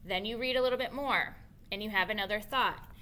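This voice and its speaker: On her own camera, a woman teacher demonstrates a reading lesson for young children. She is expressive and patient, going over key points slowly and more than once. Her voice is mid-range.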